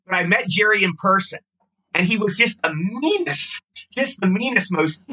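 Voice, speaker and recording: A man's voice: sits high, animated, moderate pace, sharp tone, husky, rough recording. A man in his sixties, a guest actor, telling stories in a casual interview with gushing enthusiasm.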